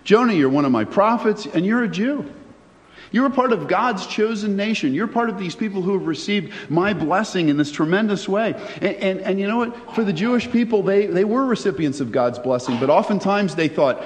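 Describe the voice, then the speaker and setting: A man preaches with a fairly high voice, chatting with his listeners and asking them questions as he goes. His words ring out with a long hall reverb. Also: lively intonation, a little fast. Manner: conversational, asks the listeners questions. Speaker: pastor. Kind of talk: sermon.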